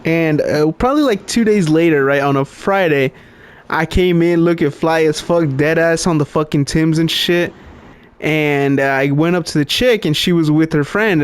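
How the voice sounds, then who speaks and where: A man's voice: fairly high pitch, clean tone. A young man co-hosting a podcast, telling a long story in casual chat, swearing constantly and laughing often. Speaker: podcast co-host.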